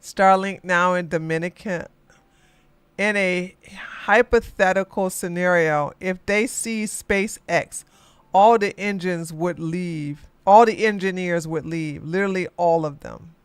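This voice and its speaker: A podcast host reading news headlines aloud and reacting with loud exclamations and asides. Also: medium pitch, measured pace, smooth, no room sound. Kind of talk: live news commentary.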